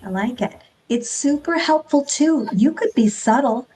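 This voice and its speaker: A woman's voice: sits high, lively intonation, a little slow, warm tone, poor audio. A woman leading an online group speech class, encouraging her students as she coaches them through rhythm drills.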